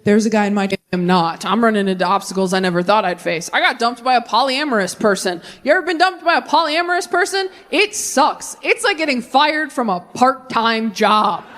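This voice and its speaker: Animated young woman doing stand-up. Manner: animated, quick asides, swings high for punchlines. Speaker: stand-up comedian. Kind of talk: stand-up set with crowd work. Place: large venue before a live audience.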